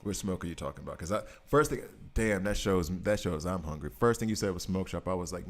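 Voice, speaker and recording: A man in his thirties streams a mobile game, joking around casually with his chat. His voice is deep, and he talks fast with hardly any pauses.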